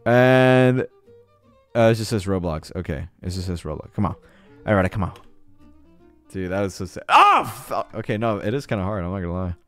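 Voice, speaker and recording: A young man streaming a game live, talking casually, swearing often and cheering loudly at the screen. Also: deep voice, brisk, long pauses, smooth, no room sound, soft background music. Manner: hyped and jittery, swears a lot, cheers loudly. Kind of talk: casual live-stream chat while gaming.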